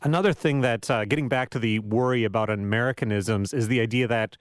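A man's voice: mid-range voice, fast talker, no room sound, studio quality. A man hosting a radio interview, asking questions in a conversational, musing way with hesitant restarts.

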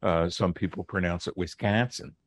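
A middle-aged man, a linguist guest on a radio interview, explaining in a measured, lecturing way and slowing down to stress key words. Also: low voice, no room sound, studio quality.

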